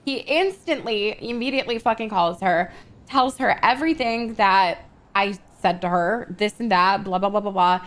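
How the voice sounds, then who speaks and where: A woman's voice: medium pitch, moderate pace, fairly bright tone. A woman in a casual in-character roleplay chat, venting freely and swearing often as she tells a story. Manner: vents freely, heavy swearing, breezy filler like "blah blah".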